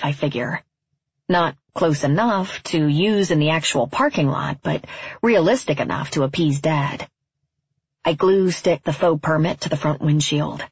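A woman from California narrating a first-person story in a wry, deadpan, reflective way. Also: low-pitched, breathy edge, no room sound, lo-fi sound.

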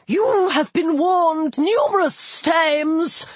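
A woman voicing a bossy male air god with a squeaky, hissing voice, scolding slowly. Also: lively intonation, no echo, exaggerated voice. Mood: haughty. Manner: scolding, slow and drawn out.

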